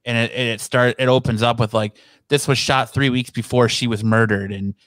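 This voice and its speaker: A man's voice: mid-range voice, fairly even intonation, normal speed, fairly bright tone, no echo. A man on a podcast animatedly retelling favorite film moments in a casual chat. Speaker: podcast guest.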